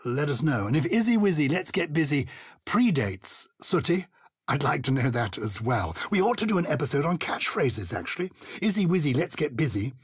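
An older man with a husky, slightly breathy voice that leaps around his range as he co-hosts a chatty podcast. He sounds playful and theatrical, and the dry studio sound keeps him close and present. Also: fairly high pitch, big pitch swings, moderate pace, dry recording. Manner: theatrical, playful, reads listener letters aloud. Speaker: podcast co-host. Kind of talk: casual chat about words.

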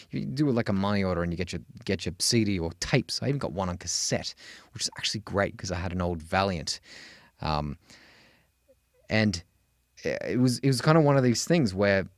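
A man's voice: lowish voice, no room sound, clean studio sound. A man in his forties, a vocal coach talking candidly and swearing freely in a casual lesson.

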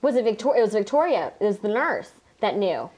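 A young woman co-hosting a casual podcast, gushing and animated, with lots of "like". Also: mid-range voice, brisk, breathy edge. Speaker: podcast co-host. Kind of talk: casual chat.

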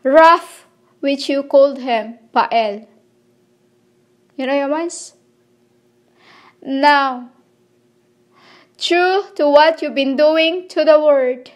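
High-voiced woman, slow halting spiritual monologue. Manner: halting, fragmented phrasing, pleading with listeners. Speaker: self-proclaimed spiritual messenger.

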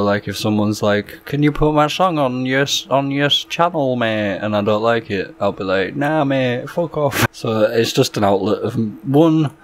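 A man giving casual gameplay commentary as a gaming YouTuber, excitable and sweary, with sudden loud outbursts. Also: on the low side.

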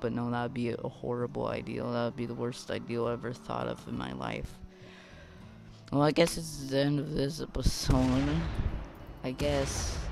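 A game commentator reacting excitedly to the action, gasping and exclaiming, in let's play commentary. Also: mid-range voice, creaky.

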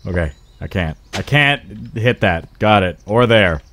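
A man commentating on a video game live, excitable and quick to yelp and swear in frustration. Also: a little hiss or hum. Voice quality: high-pitched. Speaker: gaming livestreamer.

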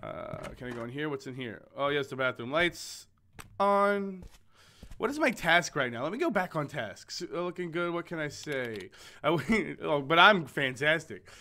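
Bright-voiced young man playing a game. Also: a little high, sing-song, normal speed. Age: young adult. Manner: joking, rambling, swearing, frequent laughs and stammered restarts. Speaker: gaming video host. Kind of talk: let's play commentary, reading game text aloud.

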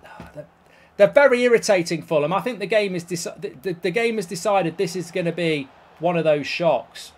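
A man commenting live on a football video game, swearing and reacting loudly to each play. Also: sits high, brisk. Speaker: YouTube gaming host.

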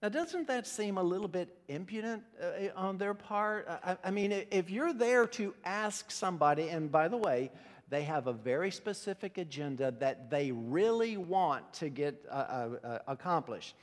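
A man's voice: high voice, expressive, normal speed. A man preaching a sermon as pastor, teaching in a conversational way with frequent restarts. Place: church sanctuary. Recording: long reverb of a church hall.

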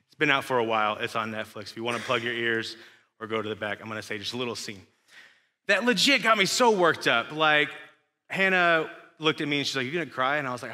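In a church sanctuary, a young pastor with a West Texan accent delivers a loose, conversational sermon, tossing questions and asides to the congregation. His middling-pitched voice sounds very bright and forward, wrapped in long church-hall reverb.

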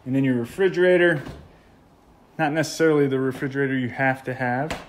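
A man's voice: medium pitch, fairly even intonation, fairly quick, slight background noise. An American man with a casual, enthusiastic manner, narrating a walkthrough of a model home as he films it. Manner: enthusiastic, gushing. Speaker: home tour vlogger.

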